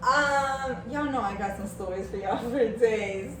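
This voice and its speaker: A woman co-hosting a casual podcast with her husband, outspoken and animated, telling stories and laughing often. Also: a little high, measured pace. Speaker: podcast co-host. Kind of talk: casual chat, storytelling. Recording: echoey room, distant mic, background noise.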